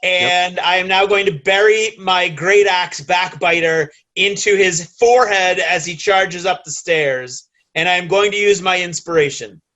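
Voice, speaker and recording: A man's voice: high-pitched, a little slow, bright, forceful tone, dull audio. A man playing a tabletop game, stating his character's actions plainly. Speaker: player. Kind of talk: casual play at a tabletop game.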